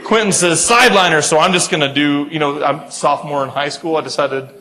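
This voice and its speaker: A young man from the United States speaking at a conference, telling a funny farm story with lively, acted-out voices for his family. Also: a little high, a little fast, low-quality recording. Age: young adult. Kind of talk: humorous storytelling to an audience.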